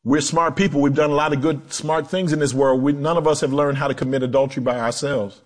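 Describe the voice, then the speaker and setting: A male pastor preaching a sermon, animated, acting out quotes in low voices and joking with the congregation. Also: quick pace. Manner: animated preaching with swooping pitch and dramatic drops.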